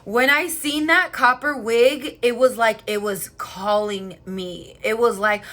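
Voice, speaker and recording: A young woman vlogger chatting casually and excitedly, swearing freely as she tells a story. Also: fairly high pitch, slow, hardly any pauses. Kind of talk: casual chat. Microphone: headphone mic.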